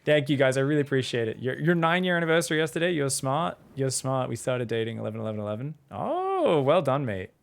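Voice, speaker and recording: A man's voice: medium pitch, very animated, fast talker, vocal fry, few pauses. A man, casually commentating a strategy game and chatting with viewers in a rambling, laid-back way. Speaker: StarCraft coach and streamer.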